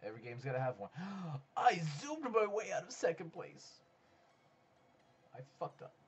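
Excitable man giving game commentary. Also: a little high, unhurried, slightly rough, lo-fi sound. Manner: excitable, swings from mutters to yells; swears and talks to other players. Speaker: gaming YouTuber. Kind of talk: let's play commentary. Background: faint background music.

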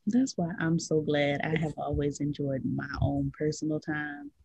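Low husky sassy woman co-host. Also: fairly even intonation, a little mellow, no echo, low-quality recording. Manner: sassy, drawling, quick to laugh. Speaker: podcast co-host. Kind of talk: casual chat, reading headlines.

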